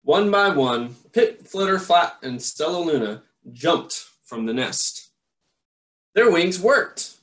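Slow, animated man reading a storybook. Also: on the high side, roomy sound. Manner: expressive, animated, with asides to listeners. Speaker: storytime reader. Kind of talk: children's picture book read-aloud.

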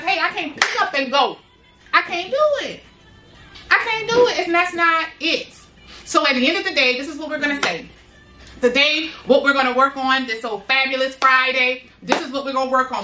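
A woman's voice: high voice, reverberant. A woman giving an emphatic, casual motivational talk to other parents, repeating phrases and using slang as she stresses her points. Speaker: motivational speaker, mother of boys with special needs.

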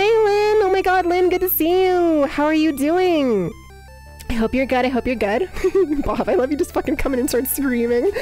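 A young woman streamer chatting casually with viewers, swearing, laughing and breaking into loud outbursts. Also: medium pitch.

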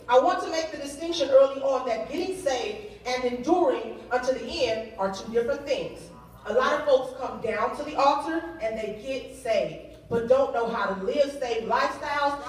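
A woman preaching a sermon, leading the congregation in call and response with lively humor. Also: high voice. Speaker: youth day speaker. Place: church sanctuary. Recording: echoey hall, voice from far off.

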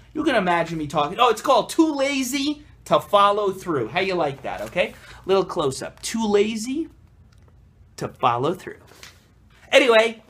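A young man, a rabbi, giving an animated, emphatic Torah talk to the camera from his desk, slipping in Hebrew and Yiddish terms. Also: high voice, slight background noise. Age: young adult.

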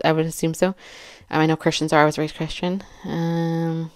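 A woman with a notably low voice talks through a reaction commentary in a chatty, animated way. She reads quotes aloud and breaks in with laughing asides. The recording is close and completely dry. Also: dry recording. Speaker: commentary YouTuber and mother.

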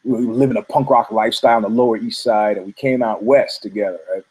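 A man's voice: lowish voice, steady tone, quick pace, a little mellow, breathy edge, poor audio. A man hosting a talk show, rambling through a profane story full of restarts and asides. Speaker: host.

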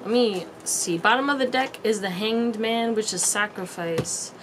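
A woman's voice: medium pitch, unhurried, noisy background. A woman giving a casual pick-a-card tarot reading to viewers, chatty and slangy with frequent laughs. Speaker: tarot reader.

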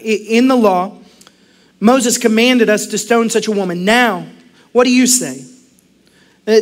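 A middle-aged man preaching a sermon as pastor, animated, acting out quotes and laughing often. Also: high-pitched.

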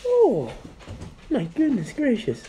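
A man speaking in a put-on high falsetto, rushing through a list with lots of ums. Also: wildly swooping pitch, dark tone, slight background noise, heavily acted, rough recording. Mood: flustered. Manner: frantic listing with many fillers. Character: man in a squeaky falsetto, flustered.

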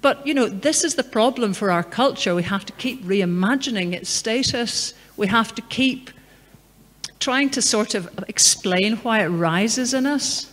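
A middle-aged woman with a bright, forceful voice speaks to an audience in a conversational, storytelling manner. Her words ring out with a long reverb from a large public hall, picked up through a PA mic. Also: a little high, unhurried. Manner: conversational, anecdotal, emphatic. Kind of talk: lecture and Q&A answer.

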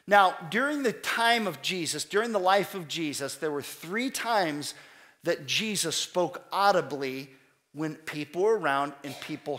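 A man's voice: sits high, fairly bright tone. A pastor preaching a sermon in an earnest style, reading scripture aloud and often restarting his sentences.

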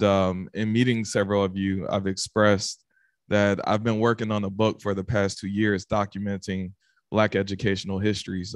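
A male professor speaks to the gathering in earnest, reflective terms. His voice sits somewhat low. The sound is dry. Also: no echo. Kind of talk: public remarks at a session. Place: event room.

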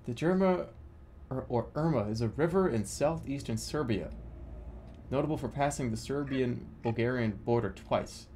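A man streaming a game, rambling and joking about himself, then breaking into excited shouts. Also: mid-range voice, normal speed, slight background noise. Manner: rambling, self-mocking, bursts into excited shouting. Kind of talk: casual live-stream commentary while gaming.

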